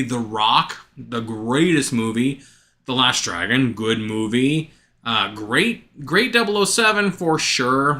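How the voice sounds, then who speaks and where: A man co-hosts a relaxed podcast chat, joking around and drifting from one tangent to the next. His voice is bright and forceful, with lively swings in pitch. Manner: playful, jokey, tangent-prone. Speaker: podcast co-host. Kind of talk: casual chat.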